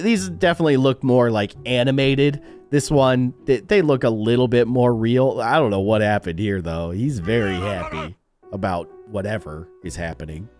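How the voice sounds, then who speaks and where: Speaking close to his desk mic, a man with a medium-pitched voice reacts casually to content as a YouTuber. His delivery is lively and full of laughter, and little surprises shock him readily.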